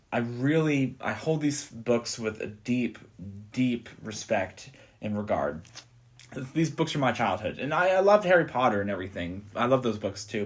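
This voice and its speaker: A man co-hosting a casual movie podcast, earnest and enthusiastic, often restarting his sentences. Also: medium pitch. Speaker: podcast co-host.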